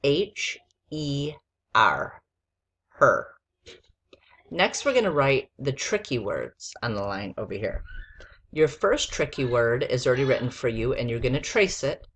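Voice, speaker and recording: A woman's voice: a bass voice, very animated, normal speed, husky. A woman teacher giving a spelling lesson to a child, patiently spelling words out letter by letter.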